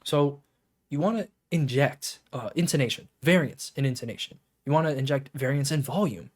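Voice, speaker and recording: A man coaching players on a shooter game, talking casually to camera with lots of fillers and restarts, then turning lively and emphatic. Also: medium pitch, moderate pace. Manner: rambling with many fillers, grows lively and emphatic.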